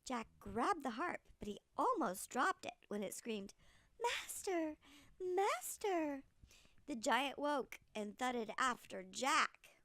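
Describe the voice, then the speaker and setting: Animated woman reading a storybook aloud. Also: fairly high pitch, measured pace, few pauses, no echo.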